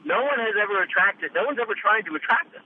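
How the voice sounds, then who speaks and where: Animated man on a tinny phone line. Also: fast talker, slight background noise. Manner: lively and animated, jumping up in pitch. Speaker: radio quiz show host. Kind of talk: casual radio interview chat.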